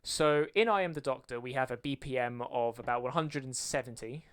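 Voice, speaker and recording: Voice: medium pitch, fairly quick. A video creator explaining music theory in a lesson, counting beats aloud and singing rhythms to show them. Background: faint music playing.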